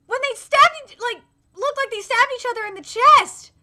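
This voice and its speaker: A very high, bright-toned young woman in her late twenties hosts a live anime reaction. She gushes excitably, swears freely and breaks into loud shrieks of delight. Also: normal speed.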